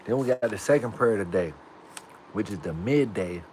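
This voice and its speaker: A man's voice: fairly low pitch, normal speed, a little mellow, slight background noise. A man casually chatting on a livestream, laid-back and using street slang as he practices pronouncing words aloud. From United States. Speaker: livestream host.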